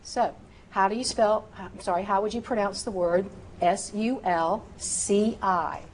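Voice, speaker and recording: A woman teaching medical terminology in a recorded lecture, sounding out each term slowly and precisely. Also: medium pitch, fairly even intonation, slight background noise. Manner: slow, precise enunciation of terms.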